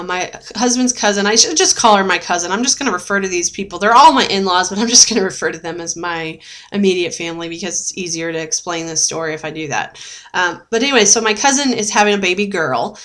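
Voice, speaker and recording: A woman's voice: on the low side, fairly quick, a bit bright. A young adult woman talking in a casual video diary, chatty and rambling with lots of fillers, often laughing and getting emotional. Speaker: vlogger sharing a weight-loss journey.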